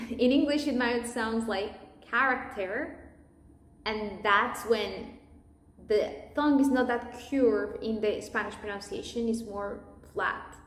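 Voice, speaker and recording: A woman teaching pronunciation, modelling words one at a time and deliberately exaggerating sounds so learners can repeat them. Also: a little high, reverberant, slight background noise. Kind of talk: pronunciation lesson, listen and repeat.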